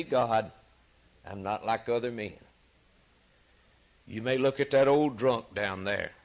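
A man preaching a sermon, possibly, swinging from loud rising cries down to hushed, quiet asides. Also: mid-range voice, low-quality recording.

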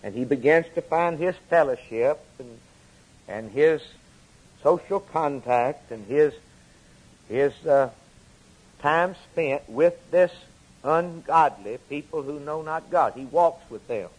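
A man's voice: a little high, animated, takes it slowly, breathy edge, rough recording. A man preaching a sermon, repeating phrases in an emphatic cadence that swells and drops. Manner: repetitive emphatic preaching cadence, rising and falling.

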